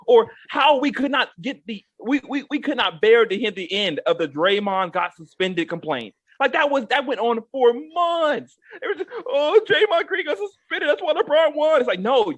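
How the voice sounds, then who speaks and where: A man with a high, very animated voice, ranting about sports. He repeats himself for emphasis and keeps asking "okay?" The recording is dry and close. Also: dry recording. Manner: emphatic and repetitive, drives points home with "okay?". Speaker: co-host giving a rant segment. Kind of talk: heated sports rant.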